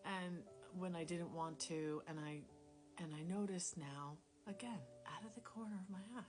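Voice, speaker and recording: A woman telling a personal faith story in a casual, rambling, self-deprecating way, dropping into quiet whispers at times, recorded on a phone. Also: fairly low pitch, moderate pace. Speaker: Christian storyteller sharing a testimony. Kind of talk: casual spoken testimony. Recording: music playing clearly behind the voice.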